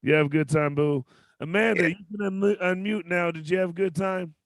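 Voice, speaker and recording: A man hosting a comedy show on a video call with loud, teasing, profane banter. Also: high-pitched, fairly even intonation, a little fast, no room sound. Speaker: show host.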